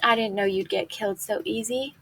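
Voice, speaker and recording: A big, simple-minded farmhand, as a woman reading aloud gives him voice, talking in slow, plaintive, halting phrases. His voice comes out husky and breathy, like a worried child in a grown man's body. The tone stays gentle even when he is upset. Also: mid-range voice. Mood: mournful.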